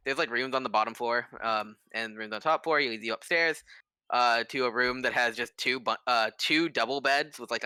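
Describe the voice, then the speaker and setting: A man's voice: medium pitch, sharp tone, clean tone, no echo. A man narrating as game master of a tabletop game, rambling with lots of fillers.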